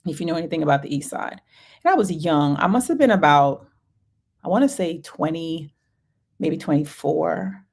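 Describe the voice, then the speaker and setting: A woman hosting a talk show, speaking earnestly and deliberately with trailing pauses. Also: fairly low pitch, a little mellow. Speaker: podcast host.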